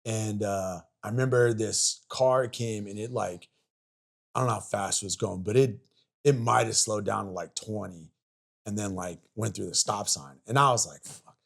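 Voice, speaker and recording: Man, forties, low gravelly voice, rambling profane storytelling, casual podcast chat. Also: moderate pace, a bit bright. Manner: rambling, profane, lots of fillers and restarts. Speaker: podcast guest, army veteran.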